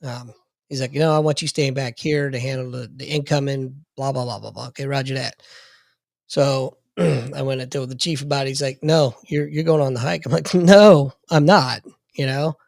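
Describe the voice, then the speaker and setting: A man's voice: medium pitch, steady tone, a little fast, gravelly, dry recording, clean studio sound. Profane man telling a story. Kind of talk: casual storytelling chat.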